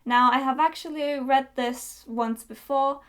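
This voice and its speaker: A woman's voice: high voice, steady tone, a little slow, a bit bright, clear, resonant tone. A young woman chatting casually through book reviews, candid and chatty, with lots of fillers.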